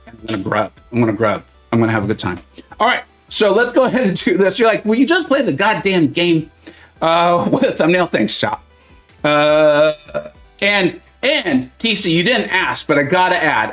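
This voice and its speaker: A middle-aged man from Southern California, chatting casually and rambling on a gaming livestream with plenty of fillers. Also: on the high side. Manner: rambling, animated storytelling with many fillers and restarts.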